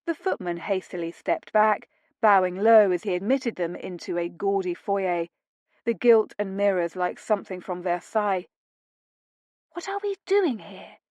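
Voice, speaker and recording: A woman narrating a historical romance audiobook in a steady, measured way. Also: medium pitch, dry recording. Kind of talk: scripted narration.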